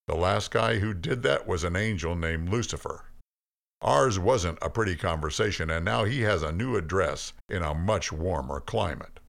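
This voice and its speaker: A man's voice: deep voice, measured pace, gravelly, exaggerated voice. A man doing a stern, patient God. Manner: stern, then soft and calm. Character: stern but patient male God, all-powerful.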